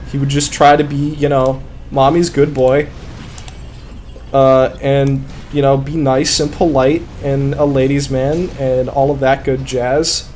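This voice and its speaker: A man's voice: mid-range voice, a little mellow, a little hiss or hum. A man chatting casually while playing a game, rambling and swearing with many fillers into a close desk mic. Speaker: gamer and podcast host.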